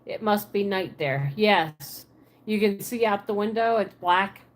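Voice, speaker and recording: A woman of medium pitch takes her time, chatting on a livestream from her apartment. She's from Pennsylvania, carries a Pennsylvania Dutch accent mixed with a Southern twang, and responds aloud to what her viewers comment.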